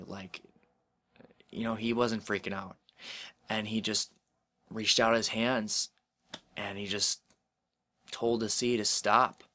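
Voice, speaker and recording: Male Christian vlogger, bright and forceful tone, lowish pitch, loose encouraging talk full of fillers. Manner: rambling, many fillers, earnest and encouraging. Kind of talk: casual devotional talk to camera.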